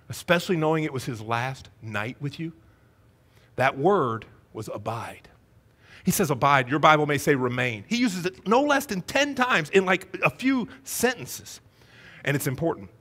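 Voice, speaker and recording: Bright-voiced man preaching a sermon. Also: fairly high pitch. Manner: storytelling, animated, shifts between hushed and emphatic. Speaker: pastor. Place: church sanctuary.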